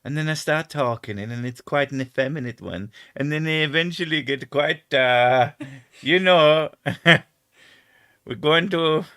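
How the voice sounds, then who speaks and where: A man's voice: on the high side, measured pace, a bit bright, clean tone. A British man hosting a live stream, chatting casually with lots of swearing and self-mocking jokes. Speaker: streamer host.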